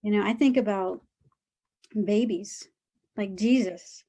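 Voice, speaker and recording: Earnest woman with a gravelly edge. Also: mid-range voice, slow pace, mellow. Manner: earnest, rambling, many fillers like "it's just, like". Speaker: interview guest. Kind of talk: reflective spiritual conversation.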